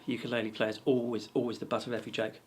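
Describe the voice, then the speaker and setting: A man's voice: mid-range voice, level tone, racing, darkish tone, husky. A man teaching ukulele and telling a joke in a rambling, hesitant way with lots of fillers. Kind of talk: casual lesson, telling a joke.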